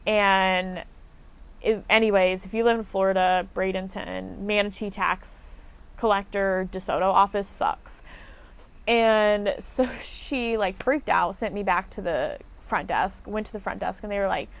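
A woman's voice: medium pitch, fairly even intonation, a little slow. A woman telling a casual story as a podcast host, blunt and profane as she vents her frustration.

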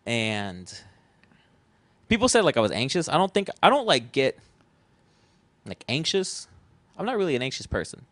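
Young guy on a podcast, rambling storyteller, mid-pitched, dry close sound. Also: huge pitch swings, normal speed, long pauses, fairly bright tone, no room sound. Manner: rambling storytelling, swears casually, acts out his own past lines. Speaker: podcast guest, festival founder. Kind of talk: casual chat.

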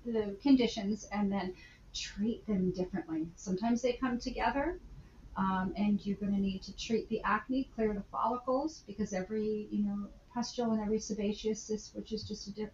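A woman's voice: medium pitch, fairly even intonation, normal speed, darkish tone, roomy sound, lo-fi sound, a little hiss or hum. A woman guest, a skincare instructor, explaining clinical topics in a casual interview, laughing often and using fillers.

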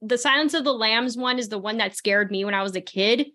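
Bright-voiced chatty woman. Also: on the high side, brisk. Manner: chatty, rambling, laughs often. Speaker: podcast host. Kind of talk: casual chat.

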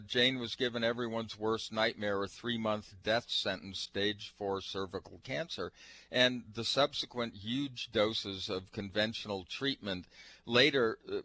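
A man co-hosting a radio talk show, introducing a guest in a relaxed way with frequent fillers. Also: on the low side, no echo, rough recording. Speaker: radio co-host.

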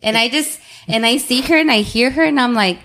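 A woman's voice: a little high, brisk, fairly bright tone. A woman in her thirties, a single mother, talking candidly and emotionally about parenting in a casual podcast chat. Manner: candid, emotional, talks things out.

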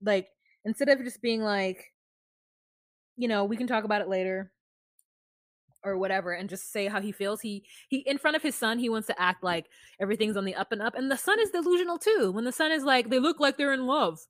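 A woman's voice: on the high side, brisk, no echo, clean studio sound. A woman co-hosting a podcast, casually retelling reality show scenes and quoting the people in them. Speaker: podcast co-host. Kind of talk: casual recap chat.

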